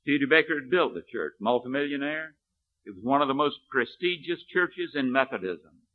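A male preacher delivers a storytelling sermon with a lively, rising-and-falling pitch, often sinking to a hushed, low delivery. The sound is narrow and tinny, like a phone line. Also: normal speed.

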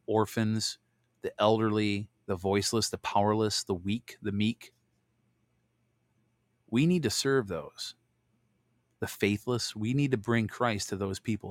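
Low-voiced man reading scripture, dry sound. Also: no echo. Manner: reads verses deliberately, then breaks off into relaxed asides. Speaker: host reading and commenting on scripture. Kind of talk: Bible reading with casual commentary.

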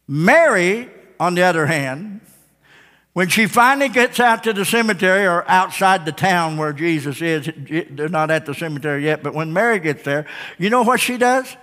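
A man's voice: high voice, animated, normal speed, a bit bright. A man preaching a sermon, retelling a story dramatically and firing rhetorical questions at the congregation. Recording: long hall reverb.

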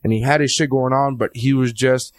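A man who works as a stand-up comedian tells stories in quick, casual, rambling bursts, cursing freely and restarting his sentences. His pitch sits in the middle, and the sound is dry and close, with almost no room echo. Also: fairly even intonation. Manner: rambling and profane, restarts often. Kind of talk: casual chat.

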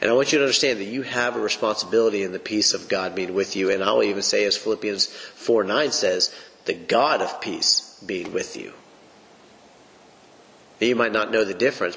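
A man's voice: fairly low pitch, brisk, few pauses, fairly bright tone. A man teaching the Bible on a podcast, preaching in an emphatic, folksy way. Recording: long reverb.

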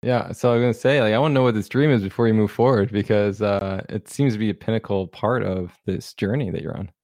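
A man's voice: on the low side, fast talker, darkish tone, no room sound, studio quality. A male host in casual interview chat, eagerly cutting in to ask questions.

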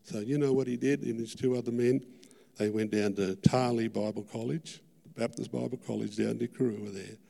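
A middle-aged Australian man preaching a sermon testimony, earnest and fervent, repeating his words and rising to loud peaks. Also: medium pitch, fairly even intonation, moderate pace, gravelly. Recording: long hall reverb.

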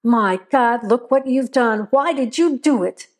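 A woman's voice: fairly high pitch, measured pace. A woman voicing a stern older farmer man who scolds and accuses in a harsh tone.

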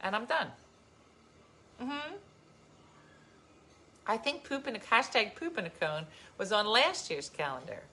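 A woman vlogger talks straight to her viewers in a casual, emphatic way. Her pitch swings widely as she tells her stories, and her tone is bright and forward. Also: unhurried, long pauses. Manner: emphatic, animated storytelling. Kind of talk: casual chat to viewers, reading comments.

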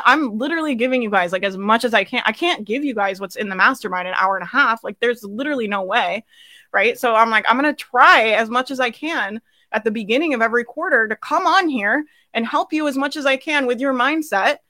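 A young adult woman coaching her audience live, with a bright, forceful tone. She talks in a chatty, upbeat way, full of "like" and "right?" and quick laughs. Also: on the high side. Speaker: business coach.

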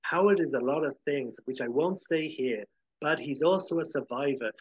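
A man's voice: fairly high pitch, moderate pace, husky, low-quality recording. A man voicing a brash young woman bandmate who talks bluntly and teases. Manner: blunt and teasing.

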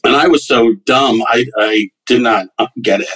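A man's voice: medium pitch, normal speed, a bit bright, slightly rough, rough recording. A man, a comedian guest, telling loose anecdotes with fillers and restarts in a casual interview.

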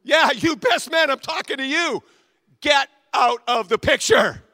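An impatient wedding photographer barking orders, as a male preacher acts him out. The voice is pushed high and loud, bossy and scolding. It is a short skit inside a sermon. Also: unhurried, no echo, studio quality, big-room sound, full character voice.

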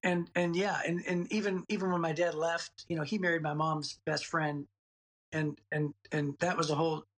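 A man's voice: a little high, little pitch movement, normal speed, a bit bright. A man in his late forties telling a personal childhood story as a guest, rambling and repeating words as he goes. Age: 40s. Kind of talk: personal storytelling in a podcast interview.

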